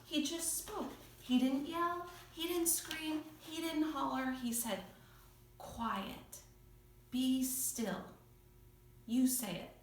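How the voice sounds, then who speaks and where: A woman teaching children in church, telling a Bible story in a playful, expressive way, heard in an echoey room from some distance. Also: high-pitched, takes it slowly, a little hiss or hum.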